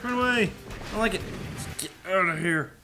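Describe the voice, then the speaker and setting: A man doing casual let's play commentary at home, rambling and chatty, sometimes yelling at the game. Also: sits high, moderate pace, vocal fry. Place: apartment room at home with thin walls. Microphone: desk microphone. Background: video game music.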